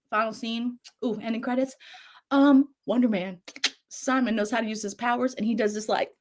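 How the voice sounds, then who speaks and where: High-voiced woman recapping a show. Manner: animated, swears a lot, acts out quotes. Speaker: show co-host recapping a series. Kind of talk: casual profane recap.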